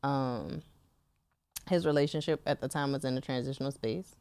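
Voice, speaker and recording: A woman co-hosting a podcast in casual, chatty talk, laughing often and filling pauses with "um" and "like". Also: extremely low pitch, a little mellow, smooth, dry recording. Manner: chatty, laughing, lots of fillers. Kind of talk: casual chat.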